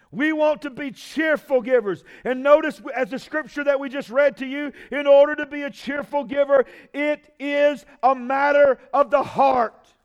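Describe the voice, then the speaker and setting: High-voiced preaching pastor, drawl. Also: male voice. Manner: call-and-response preaching, builds to shouts. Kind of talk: sermon.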